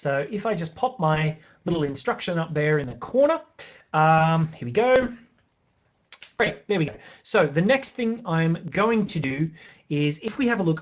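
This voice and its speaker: An upbeat young Australian man hosts a live craft tutorial, greeting viewers by name as he explains each beading step. He talks in a friendly, rambling way. The audio is slightly dull. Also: a little high. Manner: chatty, upbeat, reads out viewer comments while explaining steps.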